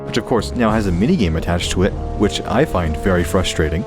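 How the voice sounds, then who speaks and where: Low-voiced man with lively gaming banter. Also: fairly quick, over music. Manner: animated, jokey, yelps at mishaps. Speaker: gaming creator. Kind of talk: casual gameplay commentary.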